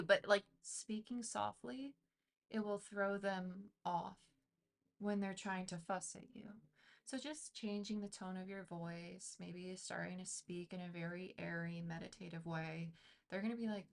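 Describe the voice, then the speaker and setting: A woman's voice: mid-range voice, normal speed, creaky, a bit bright. A woman giving a casual tarot reading, chatty and intuitive, thinking aloud with lots of fillers. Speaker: tarot reader.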